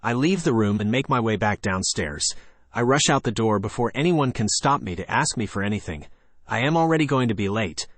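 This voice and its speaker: Male horror narrator, lower voice, steady scripted read, dry close sound. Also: brisk, no echo.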